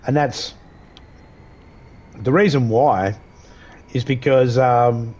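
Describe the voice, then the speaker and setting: Slow and a little mellow in a mid-range voice, a man streams a game and chats casually. His talk is rambling and profane, and he keeps repeating himself.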